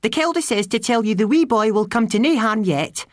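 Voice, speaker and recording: A woman's voice: on the high side, animated, brisk, no room sound, clean studio sound, pitched above the performer's own voice, natural voice. A woman voicing a tiny, polite pixie woman messenger, in a storybook reading. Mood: formal. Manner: polite, formal.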